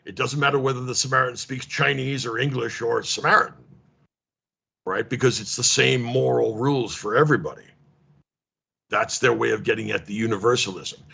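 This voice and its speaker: A man teaching a casual online seminar, wry and animated, acting out dialogues with mock exasperation. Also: medium pitch, creaky, husky. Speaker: lecturer. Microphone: video call. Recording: lo-fi online call audio.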